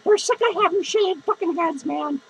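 Comic character: a man plays a boozy, cranky clown woman with a shrill, high voice, cursing through every line. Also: moderate pace, gravelly, fairly bright tone, exaggerated voice, low-quality recording. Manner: cursing constantly, rambling, grumbling. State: drunk. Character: foul-mouthed drunk lonely female clown. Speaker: podcast host character. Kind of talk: improvised comedy monologue.

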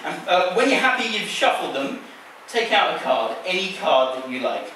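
Performing a card trick in a large theater, a magician teases his volunteer with playful patter. His voice sits high with big pitch swings and a sharp tone, at a moderate pace. The distant, echoey recording carries slight background noise.

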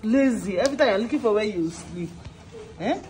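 A woman's voice: medium pitch, lively intonation, fairly quick, darkish tone. A woman vlogging casually at home, coaxing and calling her dogs and laughing often. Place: home indoors.

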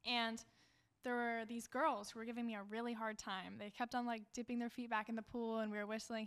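A woman's voice: fairly high pitch, level tone, fairly quick, fairly bright tone, smooth. A young woman co-hosting a student podcast, telling a work story in a chatty way and often saying "like". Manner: chatty, says "like" often, acts out quotes. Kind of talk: casual storytelling.

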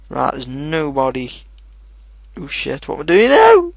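A young man giving casual commentary over his own gameplay, excitable and swearing often, shouting at his in-game dogs. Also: mid-range voice, moderate pace, gravelly, no echo. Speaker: gaming video host. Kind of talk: casual let's play commentary.

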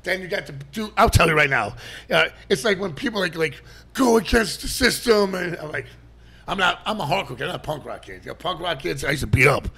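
A high, gravelly-voiced man spins stories as a podcast guest. His pitch leaps around wildly as he talks, profane and animated, laughing as he goes. It is loose, casual chat. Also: brisk.

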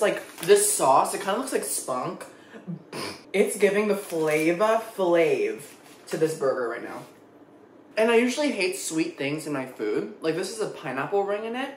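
A young male food vlogger with a high voice reacts expressively and dramatically to what he tastes, cursing freely. The recording has an echoey room sound plus a little hiss or hum.

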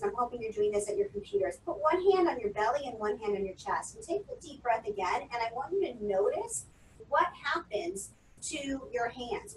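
Woman coaching a webinar, calm and instructive, slightly high voice, roomy echo, sounds a bit far from the mic. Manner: calm, instructive, counts out breathing exercises. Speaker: public speaking coach. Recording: roomy echo, distant from the mic, faint noise.

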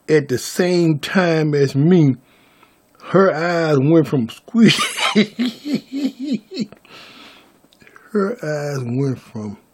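A man's voice: on the high side, darkish tone, slightly rough. A man vlogging a story to his viewers, stammering through restarts and calling them y'all.

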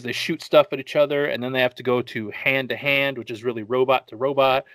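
A man's voice: medium pitch, a bit bright, clean tone, dry recording. A man hosting a casual movie-review podcast, rambling through the plot with jokes and swearing. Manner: joking, profane, rambling. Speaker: podcast host.

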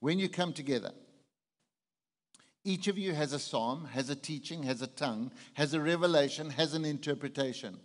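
Pastor preaching in a reverberant hall. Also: male voice, a little high, moderate pace. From South Africa. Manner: conversational, asks the congregation questions. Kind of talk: sermon.

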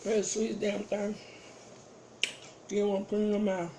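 A woman's voice: medium pitch, level tone, normal speed, noisy background. A woman chatting casually with her viewers while eating on camera, playful and savoring each bite. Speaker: mukbang vlogger. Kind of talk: casual eating vlog chat.

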